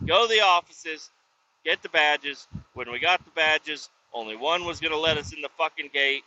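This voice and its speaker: Profane rambling man with a bright voice. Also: fairly high pitch, normal speed, a little hiss or hum. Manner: profane, loose, drifting between stories. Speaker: roadside service worker. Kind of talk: casual rambling vlog storytelling. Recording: dull lo-fi sound with faint background ambience.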